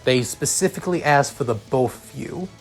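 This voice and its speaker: A man's voice: mid-range voice, expressive, moderate pace, soft background music, close to an everyday voice. A man doing a fatherly middle-aged leader. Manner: polite, fatherly, businesslike.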